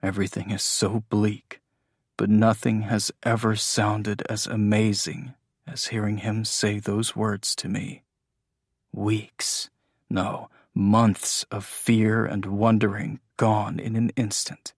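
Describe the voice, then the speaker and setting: Male audiobook narrator, first person; low, unhurried, heartfelt read, dry close booth sound. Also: little pitch movement, dry recording. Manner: intimate, emotional storytelling.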